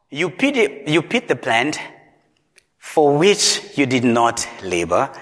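A preacher putting on the voice of God as a patient, grave male figure who reasons slowly in a lowered voice. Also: a bit bright. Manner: slow, measured, lowered voice. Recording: long reverb in a large hall.

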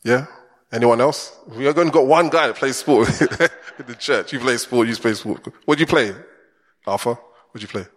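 A man's voice: medium pitch, moderate pace. A man preaching a chatty, conversational sermon in a church and putting questions to the congregation. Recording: long church hall reverb.

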